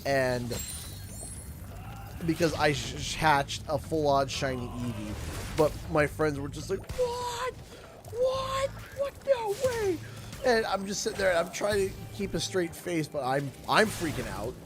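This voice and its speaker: Chatty Canadian man, fairly high voice. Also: normal speed, background noise. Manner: rambling storytelling with frequent laughs and restarts. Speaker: game streamer. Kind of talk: casual chat while gaming.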